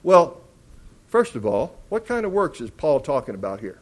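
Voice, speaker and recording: A man's voice: medium pitch, very animated, moderate pace. Emphatic man preaching a sermon. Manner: emphatic, rising loud on key words; teacherly, asks and answers questions.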